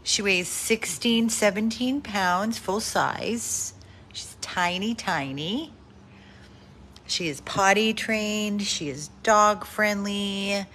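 Slow-talking woman from a dog rescue. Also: fairly bright tone, slight background noise. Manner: chatty, switches to high baby talk with the dog. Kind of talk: casual adoption video, talking to a dog.

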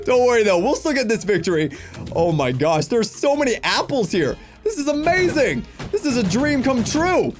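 A young man commentates on a game with excitable, joking energy, chatting straight to his viewers. His voice sits high and leaps up and down constantly. Light music plays faintly underneath. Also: normal speed. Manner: excitable, jokey, addresses viewers as guys. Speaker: gaming YouTuber. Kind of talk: energetic let's-play commentary.

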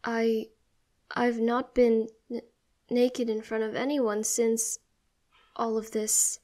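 A woman's voice: fairly high pitch, level tone, takes it slowly. Woman voicing a hesitant anxious young person. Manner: hesitant, quiet, self-conscious. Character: anxious young person, boy turned girl.

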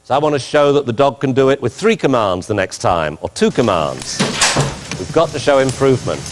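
A man lecturing on dog training in a big hall, his voice trailing off into a long reverb. He talks in an animated way, jumping into bits of acted commands to a dog. His pitch sits in an ordinary middle range. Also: brisk, background noise. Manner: lively, acts out commands to the dog. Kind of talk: lecture with video commentary.

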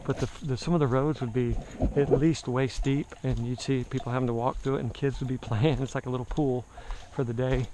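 A man's voice: medium pitch, fairly even intonation, brisk, few pauses, mellow, a little hiss or hum. A man from the Southern US with a mild Southern accent, chatting casually to the camera as he rides a bicycle outdoors, rambling and poking fun at himself. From Southern United States. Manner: rambling, chatty, self-mocking. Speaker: travel vlogger.

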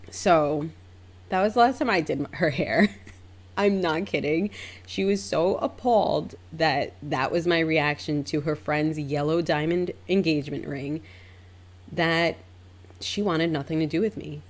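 Young woman, low voice, casual storytime, chatty, hairstylist, lively quoting. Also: measured pace. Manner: chatty, acts out both sides with big pitch jumps. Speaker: hairstylist and vlogger.

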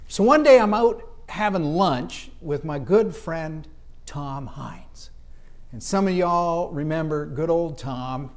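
Canadian pastor telling a story. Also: male voice, fairly high pitch. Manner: folksy, acts out voices in his stories. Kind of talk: storytelling sermon.

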